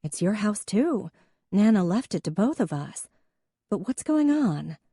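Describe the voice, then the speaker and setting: A woman's voice: medium pitch, sing-song, a little slow, mellow, slightly rough, no room sound, studio quality, pitched above the performer's own voice, exaggerated voice. A woman doing a frank, friendly sister. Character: warm, direct younger sister, woman.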